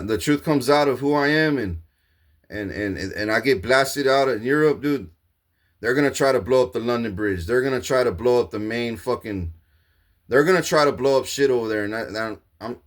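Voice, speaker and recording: Man monologuing to camera: grandiose, profane, repetitive, average pitch. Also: brisk. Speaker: self-proclaimed king ranting to camera.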